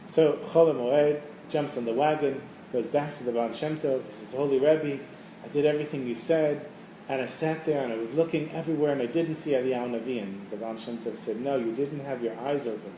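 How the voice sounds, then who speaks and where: A middle-aged teacher leading a holiday preparation class tells stories to the group in a casual, animated way, acting out the voices of the people in them. His mid-range voice moves a little fast, recorded in an echoey room with a distant mic and faint background noise.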